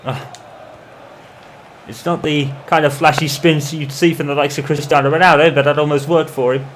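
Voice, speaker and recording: A man commentating over his own football video game in the style of a match broadcaster, calm between plays and erupting into shouts when a goal goes in. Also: on the high side, normal speed, slight background noise. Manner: excitable, bursts into shouting on goals. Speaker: gamer doing mock football commentary. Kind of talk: playful imitation of match commentary over gameplay.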